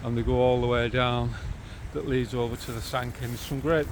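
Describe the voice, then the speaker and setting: A man's voice: medium pitch, fairly even intonation, moderate pace. Middle-aged man, St Helens accent, easygoing walking-tour chat, outdoors, handheld camera, faint background noise. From St Helens, England. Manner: chatty, easygoing, cheerful about local sights. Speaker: vlogger guiding a railway walk. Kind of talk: casual walking-tour narration. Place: outdoors by canals and old railway line. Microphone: handheld camera while walking.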